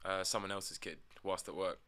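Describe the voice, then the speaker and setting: A man's voice: low-pitched, level tone, a little fast, bright, forceful tone. A young man co-hosting a casual comedy podcast, rambling and swearing, now and then breaking into mock outbursts. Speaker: podcast co-host.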